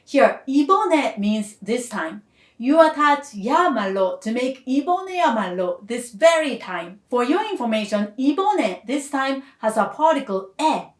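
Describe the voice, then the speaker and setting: A woman language teacher giving a scripted grammar lesson, explaining each point clearly and patiently. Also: sits high, big pitch swings, fast. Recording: echoey room.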